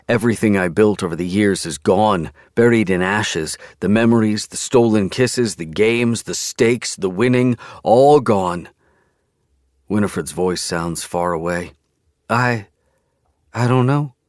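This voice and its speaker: Low, dry-voiced sardonic male narrator. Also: measured pace, no room sound. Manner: sardonic, drawling. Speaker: audiobook narrator. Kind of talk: scripted first-person audiobook narration.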